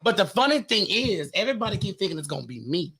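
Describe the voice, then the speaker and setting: Loud blunt woman cussing on a podcast, super bright voice that swings all over. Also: mid-range voice, very animated, fast talker, breathy edge. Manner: blunt and profane, with loud outbursts of laughter. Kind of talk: casual podcast chat.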